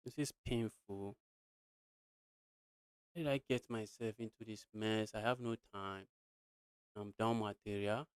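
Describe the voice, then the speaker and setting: A young man from Nigeria calls a live chess game with a smooth, resonant voice, mumbling through his calculations as he plays. He keeps talking to his viewers as "guys". The sound is dry and close to the mic, with no room around it. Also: fairly low pitch, fairly even intonation, unhurried, pauses often, no room sound. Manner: thinks aloud, muttering lines of play, often addresses viewers as guys. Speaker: chess streamer. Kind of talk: live-streamed chess commentary.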